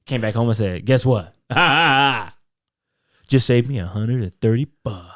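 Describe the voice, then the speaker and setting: A man's voice: lowish voice, brisk, warm tone. A young man co-hosting a podcast, telling a story in casual chat with loose fillers and quoted voices. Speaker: podcast co-host.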